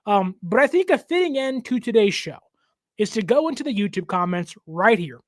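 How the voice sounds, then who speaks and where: A young man hosting a casual sports talk show, given to animated joking rants. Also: high-pitched, moderate pace, no echo, studio quality. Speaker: show host.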